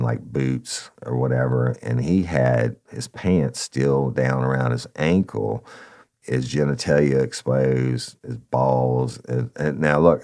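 This is a very deep, darkish male voice belonging to a former police officer. He tells a story casually, addressing listeners as "y'all" and swearing freely.

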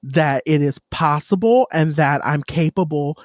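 A woman's voice: low-pitched, unhurried, darkish tone, dry recording. Podcast cohost woman, gushy and emotional, super dry sound. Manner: emotional, effusive. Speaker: podcast co-host. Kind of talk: casual chat.

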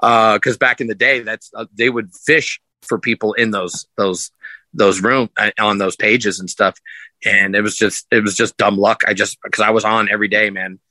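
Man, casual storytelling, bright tense voice, dry close mic. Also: on the low side, normal speed, dry recording, low-quality recording. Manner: rambling, animated, acts out quotes in raised voice. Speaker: podcast guest, sideshow performer.

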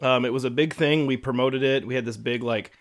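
A man's voice: mid-range voice, fairly even intonation, brisk. Rambling man telling a camp story. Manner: rambling, lots of fillers, acts out quotes. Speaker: podcast co-host. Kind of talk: casual storytelling.

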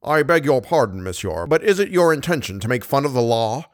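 A man reading an audiobook, voicing a skeptical police commissary with a measured, ironic, solemn manner. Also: mid-range voice, big pitch swings, no echo, studio quality, close to an everyday voice.

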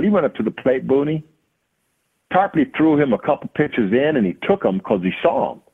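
Husky man telling a story on a phone line. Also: mid-range voice. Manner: acts out quoted dialogue. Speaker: podcast guest, hitting coach. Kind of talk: animated storytelling.

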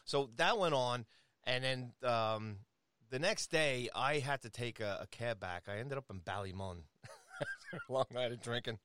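A man from New York tells a loose, rambling anecdote, stopping and restarting as he goes. His voice is bright and animated, rising and falling widely in pitch. It is recorded close and dry, with no room sound. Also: normal speed, no echo. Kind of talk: casual storytelling in conversation.

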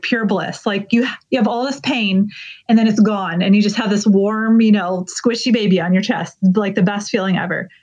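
A woman recounting an emotional personal story as an interview guest, earnest, with quick bursts of speech. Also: medium pitch, darkish tone. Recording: dull lo-fi sound.

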